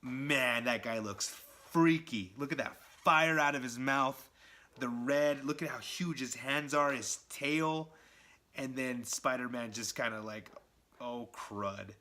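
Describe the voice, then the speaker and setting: Brief: enthusiastic male comic reviewer with a bright, forceful voice. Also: medium pitch, a little slow, a little hiss or hum. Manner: excited, enthusiastic, chatty. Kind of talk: casual video review.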